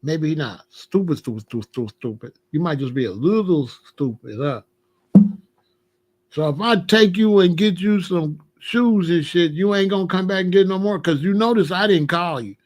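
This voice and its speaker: Speaking at a moderate pace in a high voice, an older vlogger casually rants at his grandson on camera. He swears, taunts, laughs frequently and asks "you know what I'm saying?"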